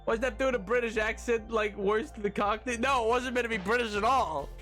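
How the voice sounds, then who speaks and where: A male streamer chats with his viewers in a high, bright voice, laughing easily and staying animated as he goes. Faint music plays underneath his talk. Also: a little fast. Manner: giggly, animated, breaks into laughter often. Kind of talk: casual live-stream chat, reading chat messages.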